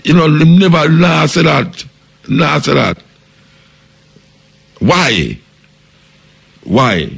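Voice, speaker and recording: A Jamaican man with a gravelly, husky voice holds forth as a radio host. He preaches his point and keeps throwing out rhetorical questions, now and then acting out what other people would say. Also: on the high side, sing-song, drawn-out words, long pauses, fairly bright tone. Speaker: radio talk show host. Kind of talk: reasoning monologue on radio.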